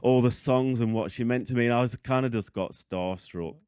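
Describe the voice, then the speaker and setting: A man from England, a guest in a casual interview, talking in an excitable, rambling way and often losing his train of thought. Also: mid-range voice, fairly quick, clear, resonant tone, dry recording, clean studio sound.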